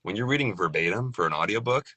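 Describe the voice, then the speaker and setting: Male voice actor guest: relaxed, chatty, low-pitched, bright dry sound. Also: fast, husky, dry recording. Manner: laid-back, loose, laughs often, says "dude" and "like". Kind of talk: casual conversation.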